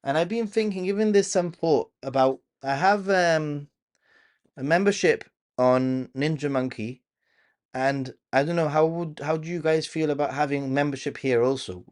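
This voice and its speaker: A man's voice: a little high, moderate pace, darkish tone. A man hosting a casual live stream, chatting to viewers, reading their comments aloud and laughing often. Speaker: livestream host.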